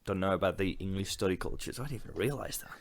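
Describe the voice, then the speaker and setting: A man co-hosts a casual podcast, chatting about a film in a loose, conversational way packed with fillers like "like" and "yeah." His voice sits low, and he races along.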